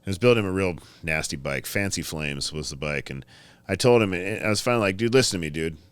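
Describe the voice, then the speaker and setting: A man who builds custom motorcycles, telling shop stories in casual podcast talk, profane and animated, acting out his customers. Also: sits low, fast talker, clear, resonant tone, dry recording.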